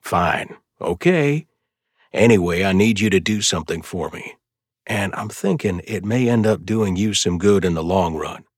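A man voicing a caring, plainspoken older brother who talks in an easygoing, steady way. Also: low-pitched, moderate pace, slightly rough, no room sound, studio quality.

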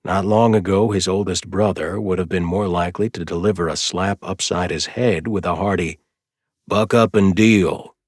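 A man narrating an audiobook in a measured, even storytelling voice, close to the mic. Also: low-pitched, slightly rough, no echo. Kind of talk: scripted narration.

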